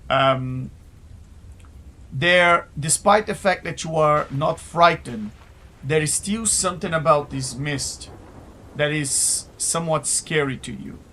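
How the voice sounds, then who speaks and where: A man running a tabletop game as game master, with a fairly high voice and an unhurried delivery. He narrates haltingly and fills his pauses with filler sounds. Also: pushed and bright, a little hiss or hum.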